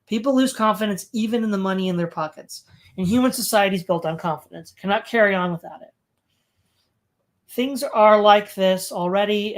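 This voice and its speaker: A reader working through an old political essay in a measured voice of middle pitch. The reading is steady and plain, with occasional stumbles that get corrected on the spot, sometimes with a quick "sorry.". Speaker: audiobook reader.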